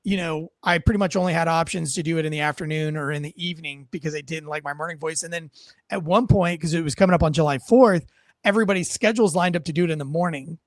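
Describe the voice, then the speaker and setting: A man's voice: on the high side, quick pace, dry recording. A man, a guest author, telling stories with enthusiasm and theatrical flair, then reading his memoir aloud with drama. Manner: enthusiastic, theatrical, lots of fillers. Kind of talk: animated storytelling and dramatic reading.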